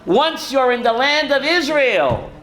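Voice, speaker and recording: A rabbi teaching a Torah class to students, animated and full of rhetorical questions. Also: male voice, extremely high pitch, unhurried, noisy background. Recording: roomy classroom echo.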